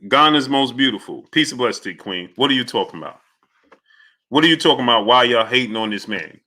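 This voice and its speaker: Excitable man hosting a boxing livestream. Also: medium pitch, fast. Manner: excitable, reads out viewer messages, swings between loud and muttered. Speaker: host.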